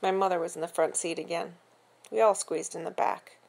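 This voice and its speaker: A woman reading a children's novel aloud in an expressive, conversational storytelling manner. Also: lowish voice, brisk, creaky. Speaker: reader.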